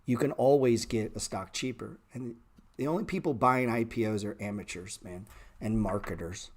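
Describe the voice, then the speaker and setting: A middle-aged man hosting a stock trading livestream, talking bluntly and sarcastically with swearing, and jumping into animated, louder rants. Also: normal speed. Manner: animated rants that jump in pitch and volume. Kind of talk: casual livestream chat.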